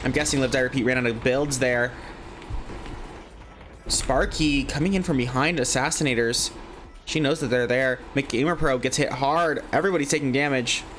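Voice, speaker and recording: A man casting a live online game tournament, giving chatty, excitable play-by-play and thinking aloud with questions. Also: medium pitch, normal speed, slight background noise. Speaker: esports caster.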